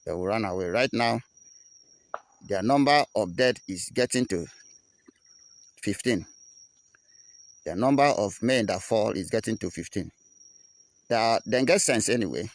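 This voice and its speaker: A man's voice: on the low side, expressive, unhurried, long pauses. A man with a Nigerian accent giving an impassioned broadcast address as an activist, in a preaching, repetitive chanting cadence.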